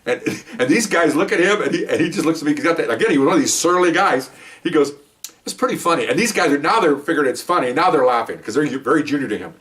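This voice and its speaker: A retired police officer, an older man, tells casual anecdotes quickly and with energy, his voice on the high side. He keeps checking in with "okay?" and restarts sentences as he goes, and he sounds a bit distant from the microphone.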